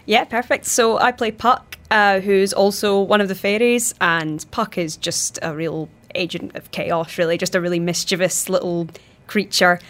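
A woman's voice: mid-range voice, fairly even intonation, moderate pace, fairly bright tone. A female stage actor talking casually and upbeat about her role. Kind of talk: interview chat.

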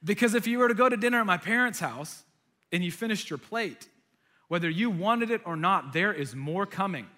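High, bright-voiced preacher. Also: male voice, fairly quick. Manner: animated storytelling, acting out voices. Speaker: pastor. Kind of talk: sermon.

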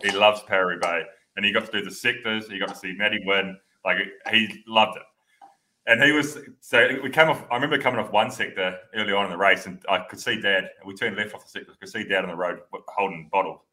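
A man co-hosting a podcast, telling an anecdote in an animated, casual way. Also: on the low side, fast talker. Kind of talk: casual chat.

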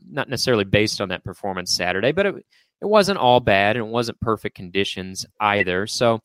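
Man hosting a dry, smooth sports podcast. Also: fairly low pitch, fairly bright tone, no room sound. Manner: conversational, many fillers and restarts, poses questions to co-hosts. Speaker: podcast host. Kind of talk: casual sports podcast discussion.

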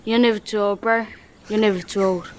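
A man voicing a laid-back young New Zealand man in a film clip, with a high, relaxed drawl and a New Zealand accent. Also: fairly quick, a little hiss or hum, lightly acted. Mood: easygoing. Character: laid-back young Kiwi man ordering ice cream.

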